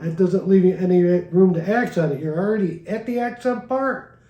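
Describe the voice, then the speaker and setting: A man giving a casual guitar lesson, explaining in a slow, halting way with many restarts. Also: high voice, echoey room, lo-fi sound. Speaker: guitar teacher. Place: recording studio. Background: guitar playing.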